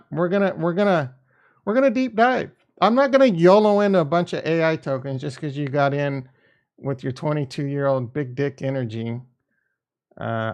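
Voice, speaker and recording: A middle-aged man hosting a casual crypto livestream, reading viewer comments in a blunt, profane, jokey way that swings between loud and soft. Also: on the high side, gravelly. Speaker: crypto stream host.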